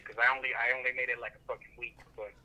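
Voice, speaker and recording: A man's voice: mid-range voice, flat delivery, racing, pushed and bright, rough recording. A man co-hosting a casual podcast, rambling through a crude story and laughing often. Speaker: podcast co-host.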